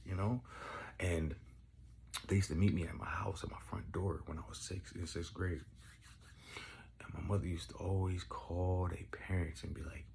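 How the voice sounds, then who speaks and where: A young man telling rambling, profane stories in casual chat, getting excitable as he goes. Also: low voice, creaky, a little hiss or hum. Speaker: podcast host. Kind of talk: casual storytelling.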